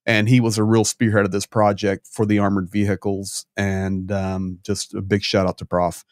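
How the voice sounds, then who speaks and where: Male panelist, friendly and teasing; low, even delivery. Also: normal speed, dry recording, clean studio sound. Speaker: panel guest. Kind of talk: casual live-stream chat.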